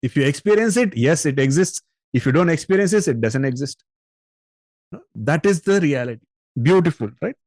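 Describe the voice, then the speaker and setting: A man's voice: fairly high pitch, animated, moderate pace, a little mellow, no echo. Patient male spiritual teacher, dry sound. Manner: patient, explanatory, with rhetorical questions to listeners. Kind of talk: spiritual discourse on scripture.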